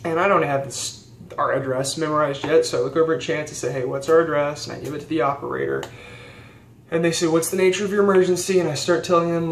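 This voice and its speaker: Earnest young man in an echoey room. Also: on the high side. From rural United States. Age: young adult. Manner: earnest, rambling, with fillers and restarts. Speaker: vlogger, theology student. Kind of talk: casual storytelling vlog. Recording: echoey room with faint background hiss.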